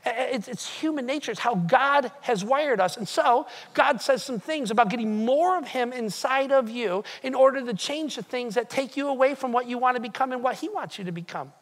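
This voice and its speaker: A man's voice: extremely high pitch, lively intonation, fairly quick, hardly any pauses. A man preaching a sermon as pastor, emphatic and repetitive, pushing his points again and again with rising and falling force. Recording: long hall reverb.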